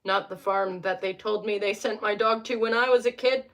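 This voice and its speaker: A woman's voice: medium pitch, steady tone, moderate pace. A young woman hosting a casual live stream from home, reading tarot cards and chatting with viewers, joking and wandering off into asides.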